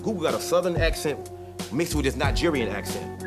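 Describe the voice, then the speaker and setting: A man's voice: a little high, brisk, over loud music. A man telling an anecdote and mimicking another person's voice. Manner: lively, mimicking others. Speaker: documentary interviewee. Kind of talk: storytelling with mimicry.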